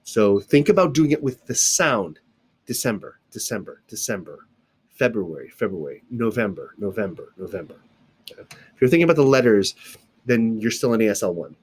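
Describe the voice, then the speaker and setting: This sign language teacher has a low-ish, breathy-edged voice and is very animated at a moderate pace. In a casual video lesson recorded alone indoors on camera, he explains step by step with playful sound effects and asides.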